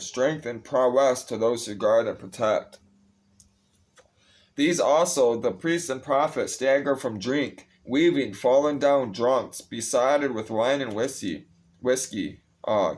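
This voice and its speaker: A blunt, swearing man reading scripture. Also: mid-range voice. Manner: profane, blunt asides between readings; restless, interrupts himself and restarts phrases. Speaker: Bible reader. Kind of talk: casual scripture reading with commentary.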